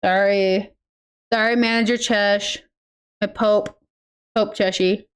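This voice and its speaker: A woman's voice: medium pitch, fairly even intonation, slow, clean tone. A woman streaming a game in casual commentary, chatty and cursing freely, cooing baby talk at her pets. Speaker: gaming streamer.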